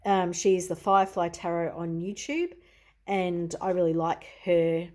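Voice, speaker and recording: A woman's voice: fairly low pitch, unhurried, mellow. A middle-aged Australian woman, a tarot reader, chatting easily in a show-and-tell video, often adding "you know" and "I suppose.".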